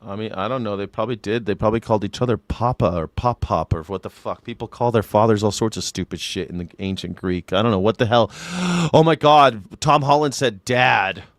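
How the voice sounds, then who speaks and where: A man's voice: fairly low pitch, a little fast, hardly any pauses, no echo. A man hosting a livestream, reacting with profane, sarcastic rants. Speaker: livestream host. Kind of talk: casual livestream commentary.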